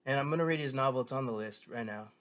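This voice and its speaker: Fast and fairly bright, this medium-pitched male reviewer gushes about a show like a true fan. He rambles casually, tripping over fillers, restarts and repeated self-corrections.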